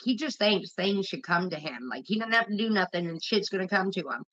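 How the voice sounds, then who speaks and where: Woman streamer, casual chat host; bright, cutting tone, blunt and profane, muffled lo-fi audio. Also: medium pitch, animated, a little fast. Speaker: livestream host. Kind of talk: casual venting to a live chat.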